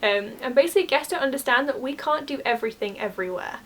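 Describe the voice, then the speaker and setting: A woman's voice: high-pitched, animated, fast, fairly bright tone, a little hiss or hum. A young woman telling work stories in a chatty, exasperated way, full of "like". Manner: chatty, exasperated, uses "like" often. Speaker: vlogger, former theme park cast member. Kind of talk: casual storytime.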